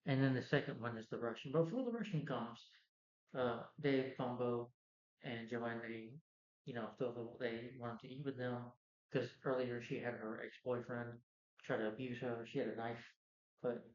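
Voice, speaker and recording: Man, movie reviewer, loose rambling recap, mid-pitched voice, roomy dull lo-fi recording. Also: fairly even intonation, moderate pace, a little mellow. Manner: rambling, full of "you know" and "like". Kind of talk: casual plot recap.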